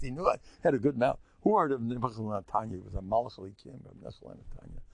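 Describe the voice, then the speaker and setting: A man's voice: mid-range voice, animated, fast talker, gravelly, hardly any pauses, no echo. An older man, a rabbi giving a rambling, joking religious lecture and teasing his listeners.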